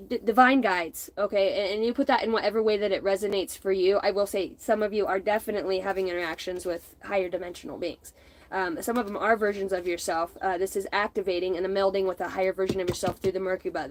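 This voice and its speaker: A woman's voice: medium pitch, rough recording. A middle-aged woman giving a casual spiritual tarot reading, rambling, blunt and profane, often breaking into laughter. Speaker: intuitive tarot reader.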